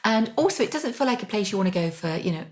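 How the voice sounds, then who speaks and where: A woman's voice: medium pitch, expressive, quick pace. A middle-aged woman co-hosting a podcast, talking enthusiastically in a casual kitchen-table chat with frequent "um"s. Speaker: podcast co-host.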